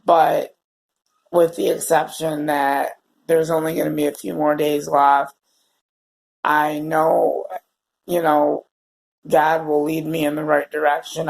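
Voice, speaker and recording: Sex: man. Role: vlogger. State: tearful, near crying. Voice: gravelly. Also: a little high, low-quality recording. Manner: emotional and halting, often addressing viewers as "you guys". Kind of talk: personal video diary.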